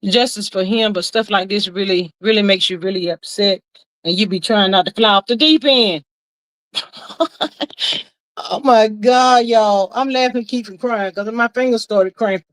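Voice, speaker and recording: A woman hosting a casual livestream, reading viewer comments aloud and answering them in a folksy, animated way. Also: mid-range voice, moderate pace, rough recording. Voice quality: folksy and animated, talks straight to the chat. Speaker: livestream host reading chat. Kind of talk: casual live chat commentary.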